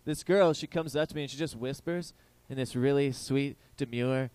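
A man's voice: mid-range voice, normal speed, a little mellow, no echo. A man hosting a comedy show, riffing crudely and rambling as he asks the live crowd questions. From Ireland. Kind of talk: stand-up comedy banter with a live audience.

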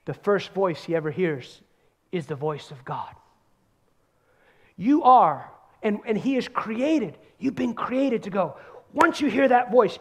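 A man preaching a sermon, emphatic, repeating words for stress and swinging between loud bursts and hushed asides. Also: high voice, animated, slow.

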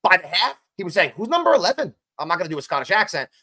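Excitable bright-voiced man talking sports. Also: on the high side, very fast. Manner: excited, emphatic, runs through stats. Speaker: podcast co-host. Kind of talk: casual sports podcast chat.

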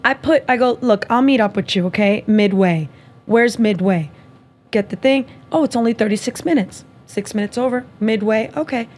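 A woman hosting a podcast, telling a dating story in casual chat, animated and profane, acting out both sides of the conversation. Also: mid-range voice, normal speed. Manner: animated, profane, acts out dialogue. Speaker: podcast host.

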